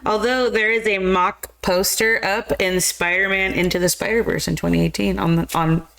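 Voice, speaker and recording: A woman's voice: mid-range voice, steady tone, gravelly, a bit bright. A woman, co-hosting a movie review live stream, chatting eagerly and sharing film trivia. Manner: chatty and enthusiastic, quick trivia asides. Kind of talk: casual chat.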